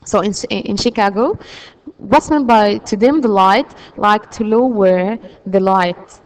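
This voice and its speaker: A woman's voice: mid-range voice, takes it slowly, low-quality recording. A woman teaching an English lesson, explaining patiently with frequent fillers. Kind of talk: classroom lesson.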